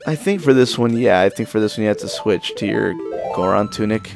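A young adult man giving casual, profane running commentary on his own gameplay, with sudden excited exclamations. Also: fairly low pitch, fairly quick, vocal fry. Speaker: let's play gamer. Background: game music.

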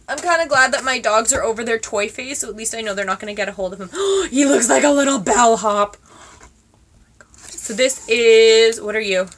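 A woman in her twenties chatting casually to her viewers as she unboxes gifts, gushing and excitable with lots of fillers. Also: a little high. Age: 20s. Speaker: vlogger.

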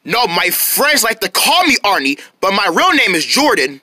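A woman's voice: mid-range voice, big pitch swings, moderate pace, sharp tone, no echo, studio quality, pitched below the performer's own voice. A woman voicing a small, stubborn teenage male elephant who keeps repeating himself in exasperation. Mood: insisting.

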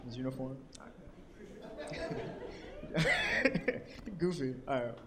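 A young man from Washington, D.C. performing stand-up comedy on stage, animated and acting out characters in shouted voices. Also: mid-range voice, very slow, a crowd in the background. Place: comedy club stage with audience.

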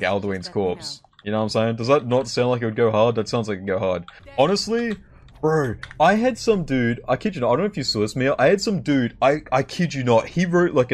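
A young man chatting casually to his viewers while playing a game, rambling and joking and repeating himself. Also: medium pitch. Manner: rambling, jokey, repeats himself, talks to chat. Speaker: streamer. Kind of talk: casual gameplay commentary.

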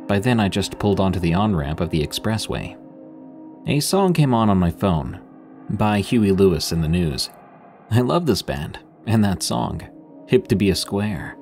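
A man's voice: low-pitched, a little mellow. A man narrating a first-person scary story in a tense, dramatic scripted style. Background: faint background music.

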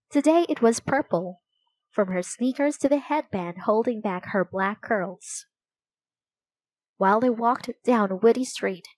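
A woman reads a children's chapter book aloud. Her storytelling is clear and measured, at a slow pace. The recording is dry and close, with no room sound. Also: mid-range voice, darkish tone, dry recording, low-quality recording. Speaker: storybook reader.

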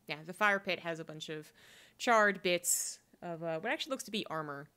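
A woman acts as game master for a tabletop adventure, describing scenes haltingly with lots of fillers. Her voice sits low. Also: expressive, pushed and bright, clear, resonant tone. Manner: hesitant, many fillers.

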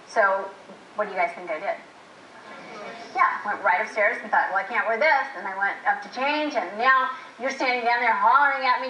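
Bright, chatty woman co-presenting. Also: mid-range voice, fairly quick, slight background noise. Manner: chatty, agreeable, tells personal anecdotes. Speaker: co-presenter of a marriage seminar. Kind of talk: presenting a seminar talk. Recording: echoey video playback from far off.

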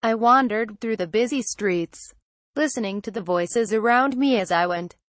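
A woman narrating a first-person horror story in a calm, measured storytelling voice. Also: a little high, no echo.

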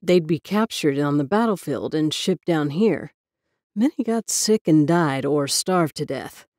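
A lanky young slacker uncle drops his voice low and quiet to tell a creepy tale, drawing out his words for effect, as a woman storyteller puts him on. The sound is dry and mellow. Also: expressive, a little slow, no echo. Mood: spooky. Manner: low, theatrical, offhand. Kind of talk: storybook reading.

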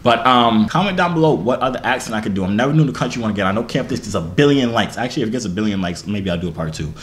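A young man in his twenties rambles through a vlog outro in a mid-pitched voice. He pokes fun at himself as he signs off. A faint hiss sits under the recording. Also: expressive, very fast. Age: 20s. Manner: rambling, self-mocking. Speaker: YouTuber.

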